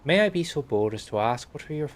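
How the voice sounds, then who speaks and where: A man's voice: mid-range voice, darkish tone, slight background noise, natural voice. A man voicing a fawning young male prince courtier at a royal celebration in a strategy game, trying a lilting accent that soon slips. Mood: ingratiating. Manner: an attempted lilting accent, quickly lost.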